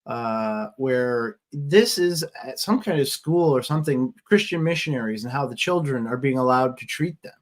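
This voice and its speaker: A man's voice: mid-range voice, animated, moderate pace, few pauses. Pointed male commentary host. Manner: conversational, pointed, sarcastic. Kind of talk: casual political commentary.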